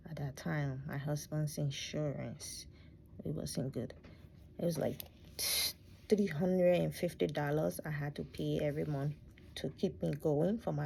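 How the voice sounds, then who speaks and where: A middle-aged woman recounts her past from her own bedroom in a hushed, reflective voice. Her tone is deep and gravelly, mellow and dark, and it often sinks to a near whisper. She sounds close to tears. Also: slight background noise. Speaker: vlogger telling her life story. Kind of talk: personal storytelling.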